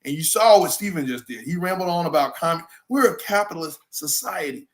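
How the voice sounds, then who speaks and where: A man's voice: a little high, expressive, a little fast. A man hosting a political talk show, arguing emphatically and mocking his opponents. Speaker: show host.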